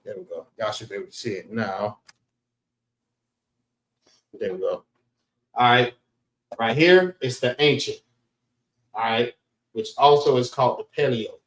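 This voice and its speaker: A man's voice: mid-range voice, a little slow, long pauses. Man teaching a class in an echoey room. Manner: relaxed, repeats "all right" often.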